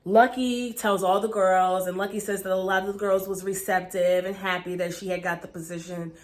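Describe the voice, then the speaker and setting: A woman's voice: medium pitch, fairly even intonation, a little fast. A woman recapping a reality show in a chatty, gossipy, profane way, filming herself at home on a camera. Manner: chatty, gossipy, profane, lots of "you know". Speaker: TV show reviewer. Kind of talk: casual recap vlog. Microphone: camera mic.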